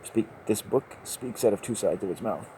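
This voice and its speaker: Man rambling and joking, laughs a lot, on a walk outside; low voice, noisy outdoor sound. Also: normal speed, mellow. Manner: rambling, jokey, often laughing. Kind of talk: rambling monologue while walking. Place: outdoors by a river at dusk.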